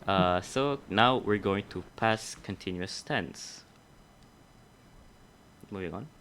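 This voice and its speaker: A man's voice: low-pitched, takes it slowly, fairly bright tone, slight background noise. A young adult man teaching a grammar lesson, explaining methodically step by step and correcting himself along the way.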